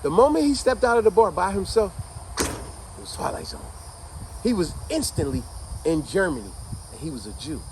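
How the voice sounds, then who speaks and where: A man with a high, bouncy voice tells a story in a casual, conversational way, talking straight to his listeners. His pitch rises and falls all over the place as he gets into it. Crickets and insects chirp faintly behind him. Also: normal speed, pauses often, background noise. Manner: animated, conversational, addresses listeners as y'all.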